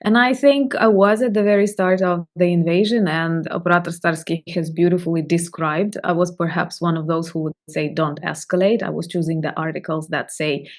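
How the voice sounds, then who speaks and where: A woman from Ukraine with a Ukrainian accent and Ukrainian as her first language, a guest speaking earnestly and in a measured way, with some fillers. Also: on the low side, fairly even intonation. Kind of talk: conversational interview.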